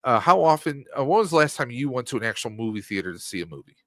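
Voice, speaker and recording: A man's voice: mid-range voice, very animated, fast talker, no echo. A man in his mid-forties talks casually as a podcast guest, with a mid-range voice. He rambles with plenty of fillers. The recording is dry and close. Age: 40s. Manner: rambling, lots of fillers like um and you know.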